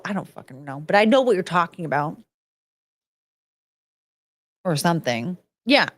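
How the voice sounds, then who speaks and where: A woman's voice: lowish voice, sing-song, moderate pace, pauses often, dry recording. A woman hosting a podcast in casual chat, ranting, rambling and swearing freely. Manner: rambling, loses her train of thought. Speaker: podcast host.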